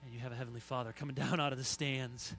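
Bright-voiced man preaching with loud emphases. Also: mid-range voice, level tone, racing, creaky, rough recording. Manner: storytelling, swings from soft to loud emphasis. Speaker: pastor. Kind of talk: sermon.

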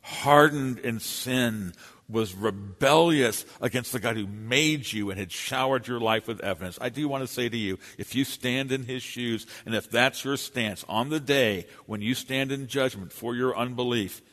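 A man's voice: medium pitch, moderate pace, fairly bright tone. A man preaching a sermon in an earnest, emphatic way, his voice rising and falling for emphasis. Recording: long hall reverb.

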